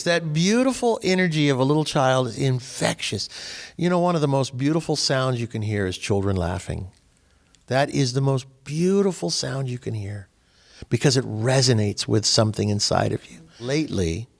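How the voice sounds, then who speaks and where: An older man, the host, chatting casually and telling animated stories that grow louder and higher as he gets going. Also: normal speed, gravelly. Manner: animated storyteller, voice rising as he tells stories. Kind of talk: casual chat.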